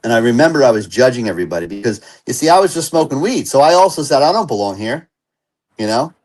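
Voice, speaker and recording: A man speaks as a guest in an interview, telling his recovery story with earnest, animated energy. His pitch sits at an average level for a man. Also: racing, low-quality recording.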